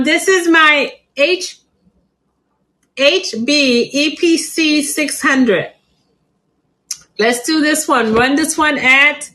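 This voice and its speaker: Woman, live sale host, casual chat, laughs a lot, bright tone. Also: high-pitched, rough recording. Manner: chatty, laughs often. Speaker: live plant seller.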